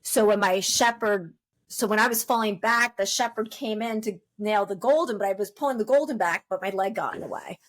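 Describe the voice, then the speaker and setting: A woman in her fifties talks in a relaxed podcast chat with a mid-range voice. She tells stories with lively energy, slipping into the voices of the people she quotes. Her talk is casual and full of asides. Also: medium pitch, a little fast. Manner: lively storyteller who acts out quoted voices. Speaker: dog trainer guest.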